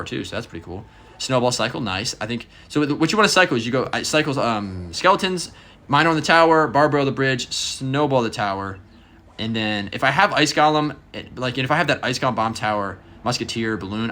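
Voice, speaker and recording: A man's voice: mid-range voice, fairly bright tone. A man giving casual live commentary and coaching on a game, encouraging and full of ums and restarts. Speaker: gameplay coach.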